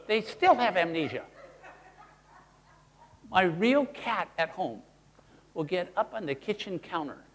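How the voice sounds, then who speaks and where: A man leads a teaching seminar and acts out his points in little character voices. His voice sits a bit high for a man and swoops widely from phrase to phrase. A long echo from the hall trails each sentence. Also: slow pace, long pauses. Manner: animated, acts out examples in voices. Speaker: seminar presenter. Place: presentation room.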